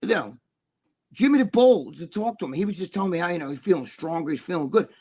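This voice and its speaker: High-voiced, profane middle-aged man rambling. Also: animated, fast talker, a little mellow. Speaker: co-host. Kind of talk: casual live-stream chat.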